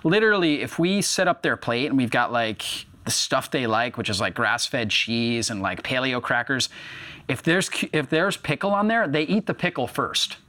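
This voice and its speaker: Podcast host, male, 30s, bright and upbeat, nods along constantly. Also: medium pitch, lively intonation. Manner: upbeat, many quick agreements. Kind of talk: casual health podcast chat.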